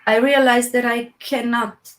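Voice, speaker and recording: A woman from Romania, a guest in an interview, speaking English slowly and reflectively with many pauses and restarts. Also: a little high, flat delivery, fairly bright tone, low-quality recording. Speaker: interview guest, puppeteer and actress. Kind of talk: slow reflective conversation.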